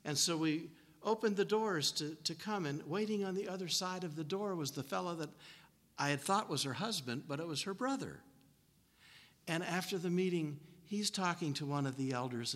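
Bright-voiced preacher telling stories. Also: male voice, a little high, moderate pace, long reverb tail. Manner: folksy anecdotal storytelling. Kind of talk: storytelling sermon.

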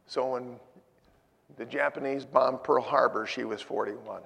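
A man preaching a sermon, telling stories and moving from loud urging to hushed asides. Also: medium pitch, measured pace, gravelly, breathy edge. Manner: storytelling, swinging from loud exhortation to hushed asides. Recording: hall with long reverb.

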